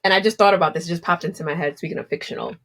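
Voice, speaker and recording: A woman co-hosting a podcast in casual chat, animated and full of "like" fillers. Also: fairly low pitch, racing. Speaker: podcast co-host.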